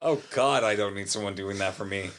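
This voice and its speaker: A young man appearing as a podcast guest, dry and teasing, firing off quick lists. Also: fairly low pitch, a bit bright. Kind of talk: casual chat.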